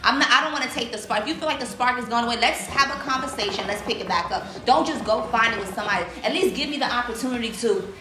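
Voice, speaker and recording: Fast, emphatic high-voiced woman. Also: echoey room. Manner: forthright, emphatic. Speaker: guest. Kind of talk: casual chat.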